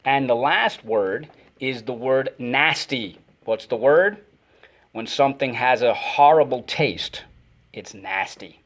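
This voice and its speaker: A man's voice: medium pitch, slow. A man teaching a phonics lesson to children, energetically calling out words and repeating them for the class to echo.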